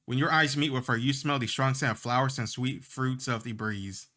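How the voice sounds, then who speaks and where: A man's voice: medium pitch, fairly even intonation, moderate pace, bright, forceful tone. A young man hosting a casual let's play, reading story text with jokey asides. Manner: jokey asides between read lines.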